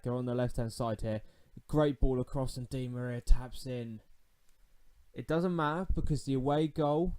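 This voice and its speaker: A man commentating his own football management game for his channel, talking nervously and shouting out at big moments. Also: mid-range voice. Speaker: gaming YouTuber. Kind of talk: let's-play commentary.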